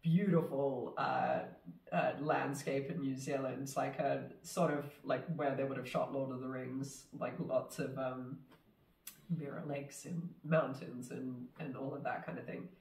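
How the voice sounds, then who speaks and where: A woman's voice: very deep voice, fairly even intonation, unhurried, a little mellow. A woman film director as a podcast guest, chatting casually, laughing often and trailing off with fillers. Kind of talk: casual conversational interview. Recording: roomy sound from a distant mic.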